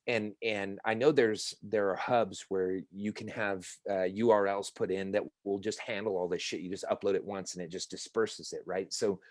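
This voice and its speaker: A man's voice: fairly low pitch, no room sound. Profane, ranting man on a podcast. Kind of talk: casual podcast chat.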